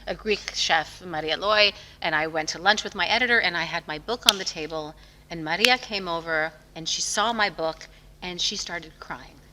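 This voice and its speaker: A woman's voice: lowish voice, normal speed, heavy background noise. A woman author being interviewed, talking with passion and emphasis, telling stories. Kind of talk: conversational interview. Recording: long reverb of a hall.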